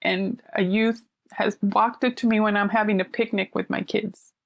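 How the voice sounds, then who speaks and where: A middle-aged woman, a counselor, telling stories in casual conversation and acting out quoted voices with lively animation. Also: mid-range voice, normal speed, vocal fry, no room sound, dull audio. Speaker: counselor sharing her story. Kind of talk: conversational storytelling.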